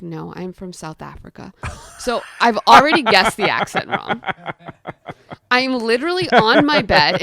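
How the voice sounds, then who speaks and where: A woman's voice: medium pitch, vocal fry, no echo, studio quality. A young woman, a guest telling a story, who talks casually with lots of "like" and acts out what people said. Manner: animated, acts out quotes of herself and others; chatty, frequent "like" fillers.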